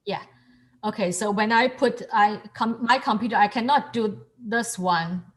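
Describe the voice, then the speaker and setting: Slow, patient woman teacher on a video call. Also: mid-range voice, fairly bright tone. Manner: patient, encouraging, repeats words for the student. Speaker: calligraphy and Chinese teacher. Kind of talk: online lesson explaining to a student.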